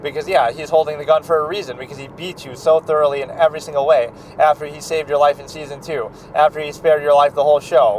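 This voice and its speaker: A man's voice: a little high, slight background noise, low-quality recording. Rambling man talking about films. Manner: rambling, full of "like" and restarts. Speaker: film critic. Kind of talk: casual spoken commentary.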